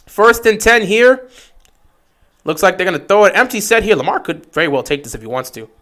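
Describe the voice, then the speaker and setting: A young man hosting a livestream, giving excitable play-by-play reactions to football games that swing from shouting to muttering. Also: high-pitched, normal speed. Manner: excitable, shouts at big plays then mutters. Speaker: livestream host. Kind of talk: live football watch-along commentary.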